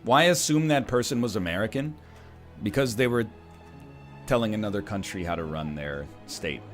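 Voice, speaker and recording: Over soft background music, a Canadian streamer from Ontario gives casual gameplay commentary, rambling along with joking asides. His voice is fairly low and animated, at a moderate pace.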